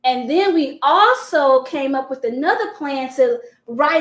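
High-voiced, animated woman storyteller. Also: unhurried, reverberant. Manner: animated storyteller who acts out quotes. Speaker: co-host. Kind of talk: casual chat.

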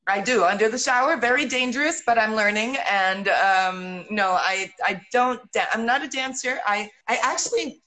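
A woman guest actress chatting frankly in a casual interview over a video call, telling self-mocking stories in an animated way. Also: a little high, moderate pace, hardly any pauses, poor audio. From Britain. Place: home in Rome during lockdown.

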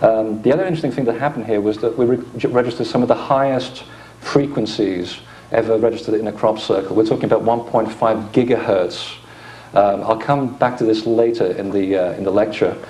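A man's voice: on the low side, fairly even intonation, brisk, dark tone. A man giving an informal conference lecture with slides, explaining with dry asides into a microphone in a lecture hall.

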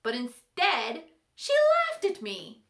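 Expressive woman reading a story aloud. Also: on the high side, takes it slowly. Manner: expressive, playful.

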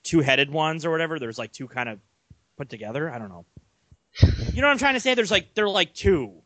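A young man co-hosts a relaxed sports podcast, his slightly raised voice racing through a rambling, animated anecdote. He keeps circling back and restarting his sentences as he goes. The sound is dry and close, with no room around it. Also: a little high, fairly quick, dry recording. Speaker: podcast co-host. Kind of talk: casual sports podcast chat.

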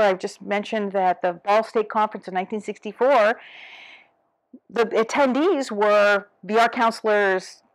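A middle-aged woman professor giving a lecture, talking in a lively, animated way and acting out little quoted exchanges. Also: medium pitch, poor audio. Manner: lively, animated, quick asides and acted-out quotes.

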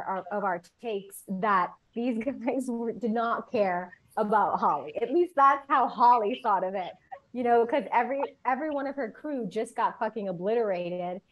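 A woman's voice: mid-range voice, low-quality recording. A woman actor, a guest on a podcast, talking loosely and casually with some swearing. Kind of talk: casual chat.

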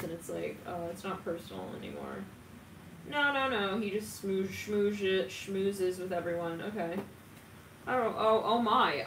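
A woman giving a casual tarot reading, animated, laughing often and swearing. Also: on the low side. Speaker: tarot reader. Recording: roomy, distant from mic, faint ambient noise.

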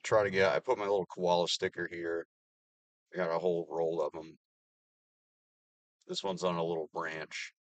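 A man's voice: sits low, little pitch movement, normal speed, pauses often, no room sound. A man in his thirties ranting casually and profanely, with sarcastic laughs. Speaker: vlogger. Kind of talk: casual rant to camera.

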